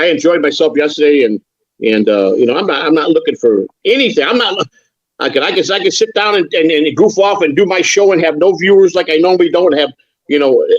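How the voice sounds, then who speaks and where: An older man chatting candidly as a guest on a stream, rambling with lots of stammered restarts. His voice sits a little high and comes through dull and lo-fi. The sound is dry. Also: no room sound. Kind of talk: casual chat.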